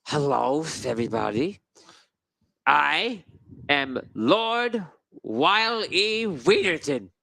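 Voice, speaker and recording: Brief: self-important gnome noble, high and slow, played by a man as game master. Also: very animated, vocal fry, sharp tone, exaggerated voice. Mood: pompous. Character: pompous gnome lord, suit designer.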